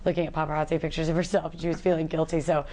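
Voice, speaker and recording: A woman's voice: low voice, level tone, racing, mellow, slight background noise. A young woman in her twenties, a talk show guest telling candid stories and laughing often. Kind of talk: casual chat.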